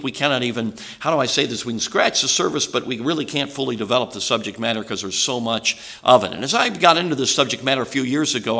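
A man's voice: medium pitch, creaky, bright, forceful tone. A man from Chicago with a Chicago accent, preaching to a congregation in a folksy, chatty way with many "uh"s and "okay"s. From Chicago, USA. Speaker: traveling preacher. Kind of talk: sermon introduction to a congregation.

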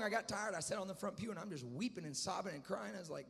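A man with a gravelly, slightly high voice preaches a sermon as a traveling evangelist. He drops to near-whispered storytelling, then climbs to loud, shouted peaks. The sound carries a long reverb, as in a large church. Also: fast talker, few pauses. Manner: swings from quiet storytelling to loud shouted climaxes. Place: church sanctuary.

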